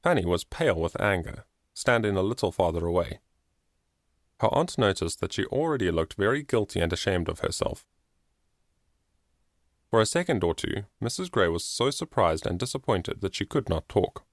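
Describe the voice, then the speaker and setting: Gravelly male audiobook narrator. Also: low-pitched, moderate pace, no room sound, clean studio sound. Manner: expressive, storytelling. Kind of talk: scripted narration.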